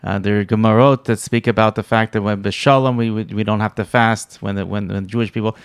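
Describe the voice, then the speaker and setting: Smooth-voiced man musing aloud. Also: on the low side, fairly even intonation, brisk, dry recording, clean studio sound. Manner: thoughtful, hesitant, many restarts. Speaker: interviewer. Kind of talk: conversational interview.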